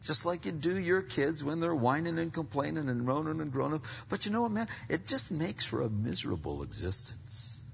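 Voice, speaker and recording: A man preaching a sermon as pastor, animated and swinging from quiet asides to loud climaxes. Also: a little high, normal speed, gravelly, hardly any pauses, a little hiss or hum. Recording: long reverb, dull lo-fi sound.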